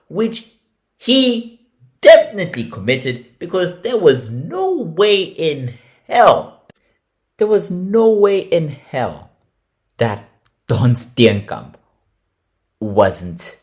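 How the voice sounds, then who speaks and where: A man hosting a true-crime podcast, narrating a case with emphatic indignation and free swearing. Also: a little high.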